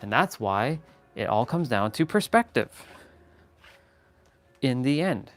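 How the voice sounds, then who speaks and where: A man's voice: medium pitch, big pitch swings, slow pace, faint music behind. Emphatic man giving a motivational talk. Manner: playful, mock-scolding asides to chat, emphatic repetition; swearing casually. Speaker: motivational live streamer.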